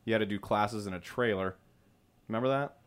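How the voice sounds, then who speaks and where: A man's voice: on the low side, brisk. A man rambling through stories in a casual group chat, laughing often and swearing.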